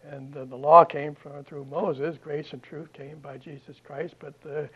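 Halting man lecturing, dull lo-fi recording. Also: fairly high pitch, level tone, slightly rough. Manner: halting, many fillers and restarts. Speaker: Bible lecturer. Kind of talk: classroom lecture.

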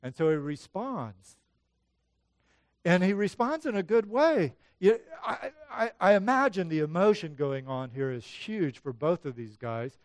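Higher-voiced man preaching conversationally. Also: very animated, measured pace, no echo. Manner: conversational Bible teaching, dramatizing quoted lines. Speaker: pastor. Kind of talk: sermon.

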